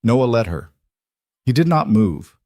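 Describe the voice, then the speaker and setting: A man narrating a scripted story in a measured, even storytelling manner. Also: medium pitch, dry recording, studio quality.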